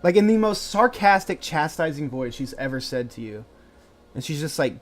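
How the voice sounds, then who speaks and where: Animated male game master. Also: fairly high pitch, normal speed. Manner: animated, restarts often. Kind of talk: narrating a tabletop game.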